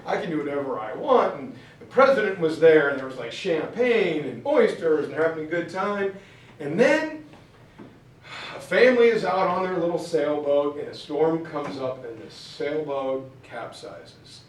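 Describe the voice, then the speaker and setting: A male teacher tells a history story to his class in a loose, chatty way. His voice sits a bit high. The classroom echoes heavily and he is far from the mic. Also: a little slow, a little hiss or hum. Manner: casual, chatty, animated.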